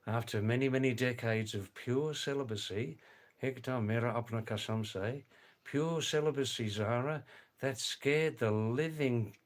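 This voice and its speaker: An older man hosting a casual live stream from home, reading viewer comments in a slow, rambling way and repeating his words. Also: medium pitch. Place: home in a small farming hamlet.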